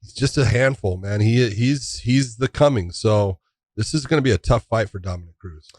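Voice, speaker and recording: A man co-hosting a sports podcast, giving thoughtful, measured fight breakdowns. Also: lowish voice, darkish tone, no room sound. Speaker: podcast co-host, fight analyst. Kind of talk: casual sports analysis.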